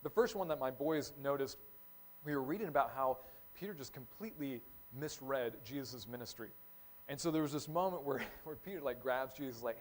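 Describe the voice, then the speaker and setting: A male pastor preaching a casual, conversational sermon, acting out short quotes in lively voices. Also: mid-range voice, normal speed, slight background noise, rough recording.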